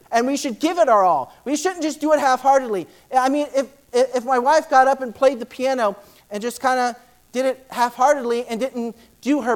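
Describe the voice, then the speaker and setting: Speaking at an extremely high pitch, this preacher reads scripture during a church sermon. His pace is quick and excited, and he keeps repeating words as he pushes forward.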